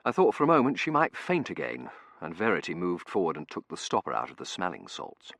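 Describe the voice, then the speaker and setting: A male audiobook narrator reading with dry, expressive timing. His voice has a gravelly edge and swings widely in pitch. The sound is close and dry. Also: brisk, no echo. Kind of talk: scripted narration.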